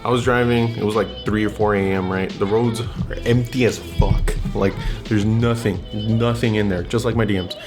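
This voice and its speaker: Low-voiced young man ranting over music. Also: fairly even intonation, moderate pace. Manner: blunt, swears constantly, slangy and heated. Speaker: vlogger. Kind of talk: casual profane rant, storytelling.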